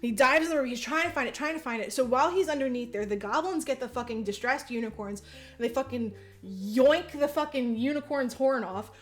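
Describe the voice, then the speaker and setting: A woman co-hosting a podcast, recapping a movie in casual, profane, rambling chat and acting out the characters in quick voices. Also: high voice. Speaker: podcast co-host.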